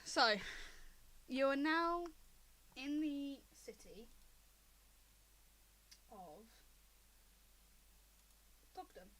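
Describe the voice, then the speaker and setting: Young woman gm on a stream, high voice, rambly, lots of ums. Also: very animated, very slow, pauses often, bright, forceful tone, slight background noise, low-quality recording. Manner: rambling, with frequent ums and laughs. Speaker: game master. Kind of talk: narrating a tabletop game on a livestream.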